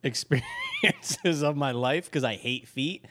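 A man with a higher-leaning voice and a fairly bright tone talks slowly, his pitch swinging hugely. He co-hosts a podcast, spinning rambling stories in casual chat and acting out the dialogue himself.

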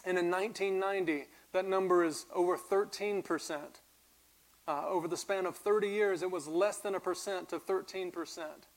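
A man's voice: high-pitched, fairly even intonation, normal speed, rough recording. A man giving a sermon as pastor, earnest and building to emphatic peaks. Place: church sanctuary. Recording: clear music underneath. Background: soft guitar music.

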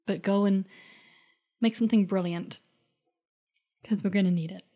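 A woman player in a tabletop game chats in character with a casual, slightly hesitant manner. Her mid-range voice has a dark tone, fairly even intonation, and normal speed.

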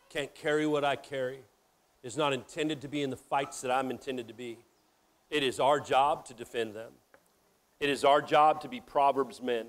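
A middle-aged man preaching a sermon, animated and joking, talking straight to his congregation. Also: medium pitch. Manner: animated, jokey, addresses audience directly. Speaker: pastor.

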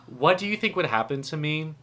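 A man's voice: a little high, expressive, brisk, fairly bright tone. A man in casual chat recapping a film, joking, swearing and acting out quotes. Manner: profane, joking, acts out quotes.

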